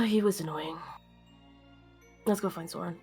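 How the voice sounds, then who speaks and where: Woman player, husky, slow, dry and laid-back, soft music behind. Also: medium pitch, expressive. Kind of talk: tabletop game play.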